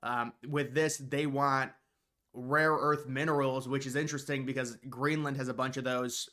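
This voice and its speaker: Opinionated man, bright voice. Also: medium pitch, level tone, moderate pace. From United States. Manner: opinionated, talks off the cuff with restarts. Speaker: political commentary vlogger. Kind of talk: casual political commentary.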